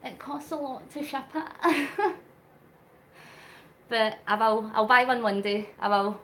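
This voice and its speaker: A woman's voice: fairly high pitch, slow, a bit bright, a little hiss or hum. A woman chatting earnestly on a live stream while riding an exercise bike, slightly out of breath and talking to viewers by name. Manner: earnest, emotional, reads out viewer comments. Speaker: vlogger doing a live charity cycle.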